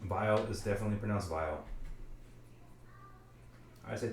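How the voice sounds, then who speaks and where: A man with a low voice talks easygoingly to his live-stream viewers, muttering and cursing under his breath as he works. The sound is roomy, with a faint hiss behind him. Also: moderate pace, pauses often. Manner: laid-back, swears casually, mutters to himself while working. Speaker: streamer building keyboards. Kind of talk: casual live-stream chat. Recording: roomy, with faint background noise.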